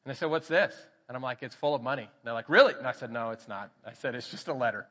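A man's voice: medium pitch, quick pace. A man with a Texan accent, a pastor telling a personal story in a sermon and acting out the voices in it. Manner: animated storytelling, acts out quoted voices. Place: church sanctuary. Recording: church hall reverb.

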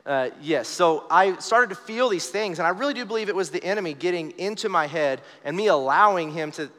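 Conversational young pastor in a reverberant hall. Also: male voice, high-pitched, animated, a little fast, fairly bright tone. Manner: conversational, storytelling with acted quotes. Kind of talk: sermon. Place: church sanctuary, live service.

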